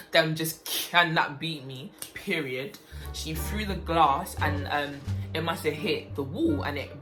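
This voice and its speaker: A young woman telling a story about her waitressing job in a casual, animated way, breaking into loud, high-pitched outbursts. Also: slow pace. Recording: music playing behind.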